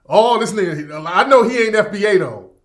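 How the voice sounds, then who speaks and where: A man hosts his radio show as casual livestream commentary, talking in a fairly high voice. He rambles, swears freely and circles back over the same points while reacting to the chat. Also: expressive, normal speed, a bit bright.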